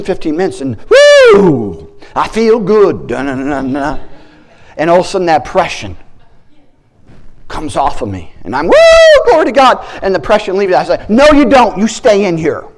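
A man preaching a sermon as a guest speaker, animated, breaking into shouted praises and acting out the voices in his stories. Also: fairly high pitch.

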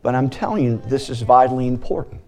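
Brief: male pastor delivering a sermon, animated with playful asides and a wide-ranging voice. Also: mid-range voice, fast.

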